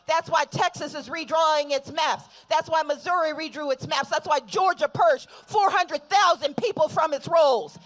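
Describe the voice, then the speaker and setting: A woman giving an impassioned political speech at an outdoor protest rally, building from steady argument to rousing call-and-response chants. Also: high voice, normal speed, few pauses, rough recording. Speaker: rally speaker.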